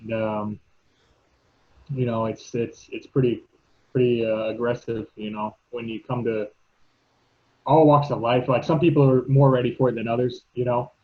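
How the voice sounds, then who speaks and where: A man co-hosting a casual podcast, talking in a relaxed, halting way with lots of "um" and "you know" and some swearing. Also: mid-range voice. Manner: laid-back, halting, many fillers, swears casually. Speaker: podcast co-host, navy veteran. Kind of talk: casual chat. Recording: tinny phone-like line.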